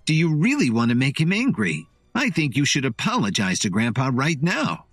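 Man doing bossy hostile woman, snarling, scolding, raised pitch, dry sound. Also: wildly swooping pitch, moderate pace, dry recording.

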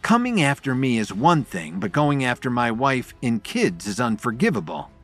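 A man's voice: mid-range voice, big pitch swings, moderate pace, fairly bright tone, faint music behind. A man voicing a tough, protective young father who speaks firmly and bluntly. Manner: firm and clipped.

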